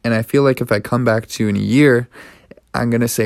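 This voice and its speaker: A man's voice: mid-range voice, fairly even intonation, fast talker, vocal fry, dry recording, studio quality. A young man hosting his own podcast, speaking earnestly and encouragingly in a reflective personal monologue. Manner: earnest and encouraging, with many restarts. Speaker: podcast host.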